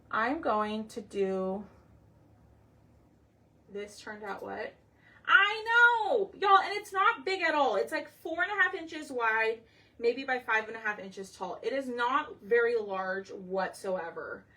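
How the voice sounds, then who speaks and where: In a somewhat high, slightly bright voice, a woman runs a crafting livestream. She's chatty, calling out viewers by name while she works, and her thinking-aloud tends to trail off.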